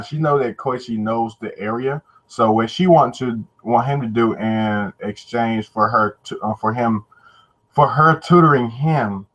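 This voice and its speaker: A man's voice: mid-range voice, fairly bright tone. A man giving a casual, slangy spoken review, loose and profane, with lots of filler words. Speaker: manga reviewer. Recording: dull lo-fi recording.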